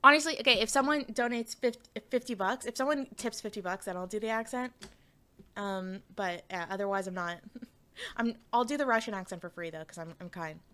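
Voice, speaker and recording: A woman's voice: on the high side, fairly quick, pushed and bright. A woman streamer in casual live chat, rambling and giggly with lots of fillers.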